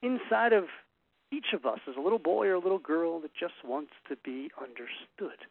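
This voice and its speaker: A middle-aged man speaks with emphatic earnestness and a lively, swooping delivery. His voice has a gravelly edge and sits a little high for a man. It comes through tinny and phone-like, as if over radio. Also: normal speed. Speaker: relationship speaker. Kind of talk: talk to a group.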